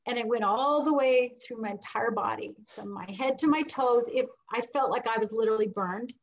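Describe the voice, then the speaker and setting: A woman's voice: fairly high pitch, moderate pace, highs cut off, slight background noise. A middle-aged woman, a guest in an interview, telling a personal story with animation and acting out the voices she quotes. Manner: animated, acts out quoted voices, laughs between lines.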